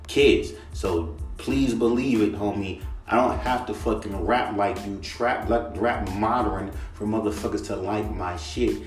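A man's voice: fairly low pitch, a little slow, hardly any pauses. A young man hosting a podcast, ranting casually and profanely about rap and imitating other rappers' flows. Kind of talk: casual solo rant. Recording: echoey room, mic at a distance, faint music.

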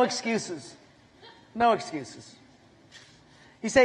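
A man's voice: high-pitched, lively intonation, takes it slowly, long pauses, a faint crowd. A man with a Hawaiian accent preaching a sermon as pastor, telling funny stories and joking with his congregation. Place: large church hall with a congregation. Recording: echoey hall with long reverb.

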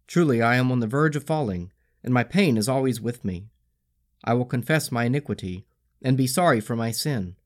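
Man reading scripture with lively intonation. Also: mid-range voice, moderate pace. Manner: solemn, expressive reading with lively rises and falls. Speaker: scripture reader.

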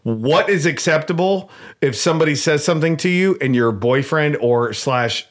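A man guesting on a podcast, chatting in a relaxed, profane, joking way. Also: on the high side, moderate pace. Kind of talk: casual podcast chat.

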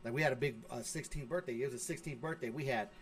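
A man's voice: mid-range voice, racing. Profane man telling a wild story. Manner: profane, animated storyteller acting out his own quotes. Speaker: podcast co-host. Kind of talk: casual storytelling among friends. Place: studio with friends smoking on air.

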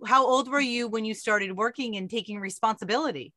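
A woman's voice: on the high side, pushed and bright, dry recording. A woman hosting a podcast, chatting casually and encouragingly with her guest. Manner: encouraging, quick to laugh. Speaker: podcast host. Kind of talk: casual interview chat. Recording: dry close recording.

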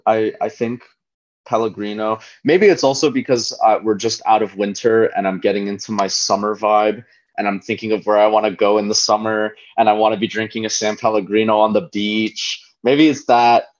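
Low-voiced man on a dull lo-fi track. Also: fairly even intonation, normal speed. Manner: opinionated, rambling, hedging with "I don't know". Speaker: podcast guest. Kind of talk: casual chat. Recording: dull lo-fi podcast audio.

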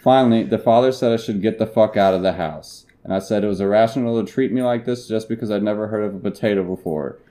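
A young man reading an internet story aloud and chatting on a casual podcast, deadpan with bursts of laughter. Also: fairly low pitch, fast, hardly any pauses.

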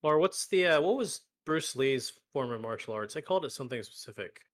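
A man co-hosting a live stream, trading jokes and poking fun at himself. His voice sits in a middle pitch, recorded close and dry with no room sound. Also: animated, fairly quick, no echo. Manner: joking, self-deprecating banter. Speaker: podcast co-host. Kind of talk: casual chat.

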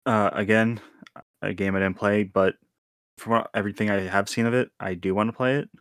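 Low-voiced man, halting podcast chat. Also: steady tone, clear, resonant tone, no echo, studio quality. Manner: halting, stammering restarts. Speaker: podcast co-host. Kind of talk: casual gaming podcast chat.

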